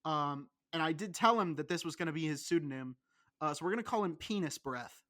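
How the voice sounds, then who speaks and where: A young man hosting a casual podcast, talking in a profane, rambling and excitable way. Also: fairly high pitch, fairly quick. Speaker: podcast host.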